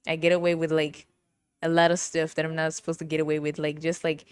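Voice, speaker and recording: A woman's voice: low-pitched, flat delivery, quick pace, clear, resonant tone, no room sound. A woman hosting a podcast, telling stories in a casual, chatty way, laughing often and playfully teasing. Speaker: podcast host. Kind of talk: casual storytelling monologue.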